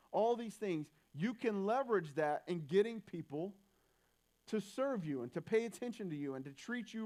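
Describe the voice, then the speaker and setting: A man's voice: sits high, darkish tone. A young man preaching a sermon in a church, talking in a loose, conversational way with frequent restarts. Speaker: pastor.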